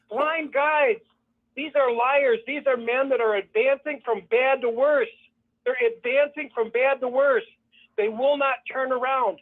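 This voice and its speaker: A man's voice: extremely high pitch, normal speed. A man calling in to a show, talking with fervent, repetitive conviction and mocking the voices he quotes. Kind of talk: impassioned call-in commentary. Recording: tinny phone line.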